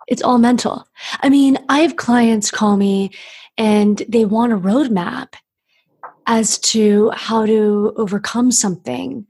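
Breathy woman host, kinda high voice, agrees a lot and reflects back. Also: darkish tone. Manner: affirming, reflective. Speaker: podcast host. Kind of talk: supportive interview conversation.

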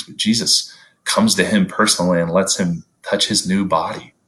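A man preaching a sermon in an earnest, conversational way, often rising in pitch to stress a point. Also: fairly bright tone, low-quality recording.

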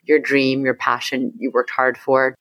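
A woman's voice: extremely low pitch, little pitch movement, a little slow, fairly bright tone, no echo. A woman hosting a podcast interview, effusive and gushing, rambling through her thoughts with many fillers. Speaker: podcast host. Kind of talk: casual interview chat.

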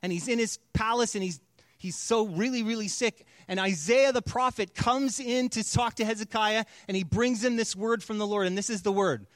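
Male pastor, conversational storyteller, fairly high pitch, dry close sound. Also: normal speed, no room sound. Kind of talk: sermon.

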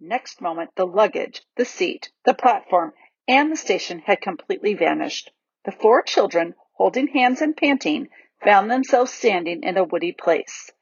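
A woman reading a children's novel aloud in a lively, expressive storybook narration, in a dull, dry recording. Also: mid-range voice, normal speed, slightly rough, no echo. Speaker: audiobook reader.

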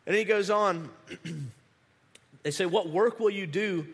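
A man preaching a conversational sermon, animated, restarting words and acting out the people he quotes. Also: a little high, measured pace, breathy edge, in a large hall. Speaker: pastor.

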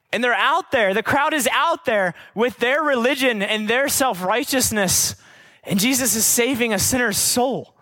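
A man's voice: high voice, pushed and bright. A man preaching a sermon, emphatic, with repeated rhetorical questions and casual conversational asides.

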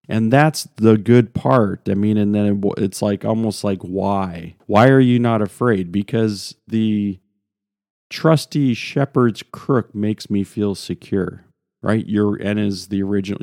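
Low, mellow-voiced man teaching scripture. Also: takes it slowly, no echo, studio quality. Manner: conversational, thinks aloud with frequent restarts. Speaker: Bible study leader. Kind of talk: casual devotional teaching with scripture reading.

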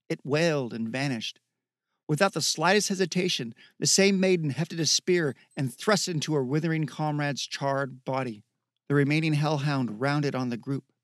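A man reads fantasy prose aloud in a steady, measured way. His voice sits a little higher than most men's, and the recording is dry and close. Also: no room sound. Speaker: narrator. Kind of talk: audiobook narration.

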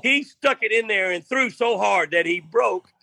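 Older guy telling a fishing yarn, gravelly and bright, dry close sound. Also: sits high, normal speed, dry recording. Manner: rambling, self-interrupting, laughing at his own tale. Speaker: guest storyteller. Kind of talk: casual anecdote telling.

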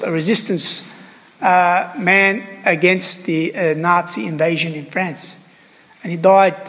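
A man preaching a sermon as a priest, earnest and halting, repeating phrases and pausing on fillers. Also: sits high, big-room sound, rough recording.

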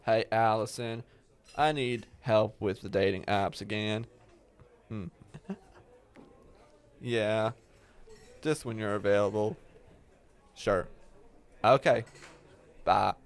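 A man playing a grumpy, greedy old diner manager with a gruff, dismissive manner in an amateur comedy sketch. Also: on the low side. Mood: phone call. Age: older. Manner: gruff, dismissive and slow-spoken.

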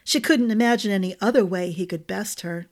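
A woman narrating a fantasy story with a steady, expressive reading. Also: medium pitch, fairly quick. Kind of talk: audiobook narration.

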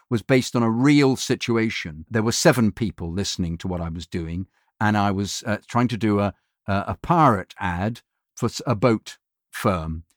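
A man's voice: on the low side, no echo, studio quality. A male voiceover artist telling an anecdote in a rambling way, full of restarts and fillers. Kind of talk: anecdotal storytelling.

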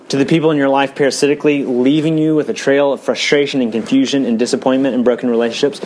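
A male pastor preaching a sermon in a church, earnest, swinging from fast emphatic runs to low, quiet stretches. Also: slight background noise.

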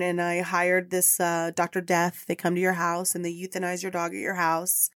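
A middle-aged woman hosts a podcast, sharing a personal story in an earnest, meandering, emotional manner. Her voice sits fairly low and stays steady at a normal pace with few pauses, captured in studio quality with no room sound.

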